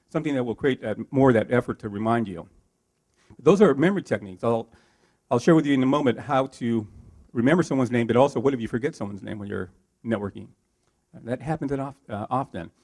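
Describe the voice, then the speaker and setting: Man coaching a workshop crowd. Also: medium pitch. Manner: lively, coaching, asks the room questions. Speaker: workshop trainer. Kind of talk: live workshop talk to an audience.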